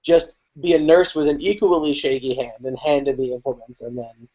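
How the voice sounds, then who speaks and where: A man who teaches improv, chatting animatedly with quick, profane asides. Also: on the high side, mellow. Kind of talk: casual panel chat. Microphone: video call. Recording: lo-fi video call audio.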